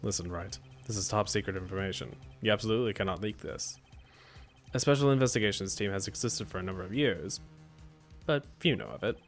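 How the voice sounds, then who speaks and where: A man voicing a calm, stern male prosecutor who speaks in a low, measured, formal way. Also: soft background music, close to an everyday voice. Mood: grave.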